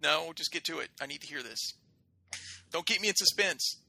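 Bright, gravelly man joking with friends. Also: a little high, normal speed, dry recording. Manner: mock-boastful, theatrical, joking. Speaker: podcast co-host. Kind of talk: casual chat.

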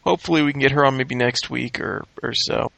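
A weary man wraps up a casual podcast, his voice heavily gravelly and full of fry. He rambles and restarts his sentences. The sound is dry and close. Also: medium pitch, fast, fairly bright tone, dry recording. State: tired. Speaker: podcast host. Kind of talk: casual chat.

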